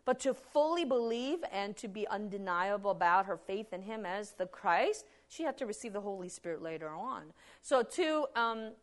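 A woman preaching a sermon in an animated, emphatic way, with frequent restarts and acted-out quotes. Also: mid-range voice, moderate pace, hardly any pauses.

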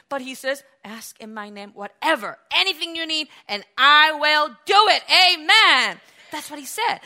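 A woman preaching a sermon, telling the story with animated energy and acting out the voices in it, now and then breaking into shouts. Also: high-pitched.

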